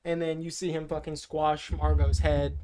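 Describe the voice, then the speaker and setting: A man's voice: a little high, little pitch movement, normal speed, a crowd in the background. A man co-hosting a podcast, rambling through a casual film recap with lots of fillers and swearing. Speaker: podcast co-host.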